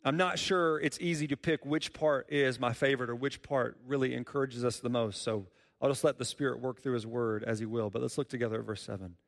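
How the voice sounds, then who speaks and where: A man's voice: mid-range voice, steady tone, a little fast, gravelly, hardly any pauses, long reverb tail. A man preaching a sermon as a pastor, earnest and repeating key phrases for emphasis.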